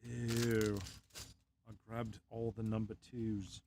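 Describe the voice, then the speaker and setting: A man's voice: lowish voice, little pitch movement, takes it slowly, vocal fry, a little mellow, slight background noise. A young man on a casual live stream, chatting in a laid-back way, chuckling often and muttering to himself as he builds a model.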